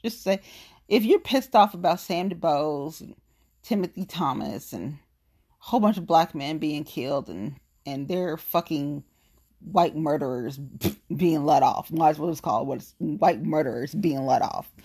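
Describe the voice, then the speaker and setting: A woman's voice: low-pitched, unhurried, mellow, slightly rough. A woman in her late thirties with an African American English accent, ranting about politics in a blunt, profane, fired-up way. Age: 30s. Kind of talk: casual political rant.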